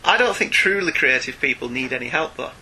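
A man's voice: medium pitch, expressive, brisk, pushed and bright, poor audio. A man with a Northern English accent, co-hosting a podcast in casual, wry chat. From Northern England. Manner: chatty, wry, self-mocking. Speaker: podcast co-host.

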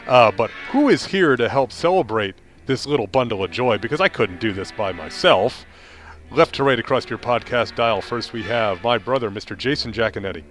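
A man's voice: lowish voice, a bit bright. A middle-aged man co-hosts a podcast, rambling casually and restarting his sentences. Faint music sits under his voice. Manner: rambling, many fillers and restarts. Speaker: podcast co-host.

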